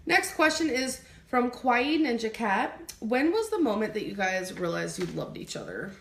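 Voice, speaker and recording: Gravelly-voiced woman chatting in an echoey room. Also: on the high side, big pitch swings, moderate pace, a little hiss or hum. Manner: chatty, reads out questions, laughs easily. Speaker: YouTuber answering viewer questions. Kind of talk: casual chat.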